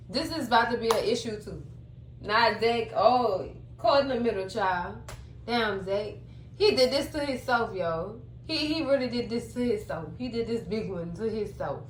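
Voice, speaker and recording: A woman with a fairly high voice and a measured pace recaps a TV episode in a chatty, dramatic way, acting out the characters' lines as a TV recap vlogger. The room is echoey, with a faint hum underneath.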